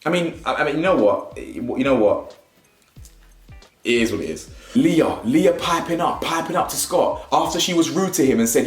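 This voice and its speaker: A man giving casual, opinionated commentary on a reality show, animated and mocking, often asking "yeah?". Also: medium pitch, fairly quick, faint music behind. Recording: echoey room.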